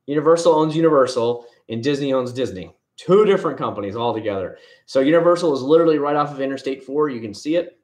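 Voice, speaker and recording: A man's voice: medium pitch, animated, fast talker, few pauses, a little mellow. Chatty man rambling on a livestream. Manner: rambling, chatty, answers viewers by name. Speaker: livestream host. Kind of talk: casual livestream chat reading comments. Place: home. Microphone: headset.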